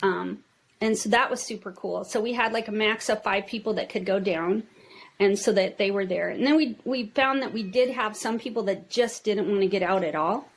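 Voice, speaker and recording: A woman with a Minnesota accent who owns a toy store tells stories in a casual interview, chatty and animated. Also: mid-range voice, moderate pace, a little hiss or hum. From United States. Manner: chatty, acts out quotes in lively voices. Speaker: toy store owner, guest.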